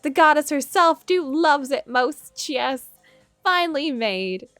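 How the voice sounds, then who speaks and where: A woman's voice: sits high, animated, takes it slowly, fairly bright tone, no room sound, faint music behind, pitched above the performer's own voice, full character voice. A woman voicing a quaint young magical girl in a put-on mock Scottish accent, with archaic, flowery and muddled phrasing. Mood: whimsical. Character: quaint young female magical girl with garbled old-fashioned talk.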